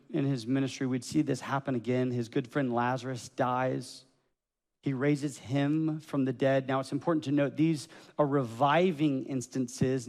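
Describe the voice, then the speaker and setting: A man preaching a sermon as pastor, telling the story in a lively way and acting out the voices of its people. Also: medium pitch, in a large hall. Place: church sanctuary.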